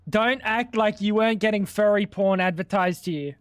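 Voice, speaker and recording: A streamer chats crudely with his livestream audience during a casual gaming stream, rambling and joking. His voice sits high at a moderate pace, recorded dry with clean studio sound.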